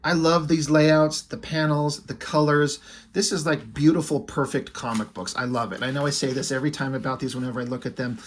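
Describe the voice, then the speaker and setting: A man's voice: on the high side, steady tone, fairly quick, husky. A man who reviews comics and draws, retelling a story in a rambling, casual way full of fillers. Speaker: comic book reviewer and artist.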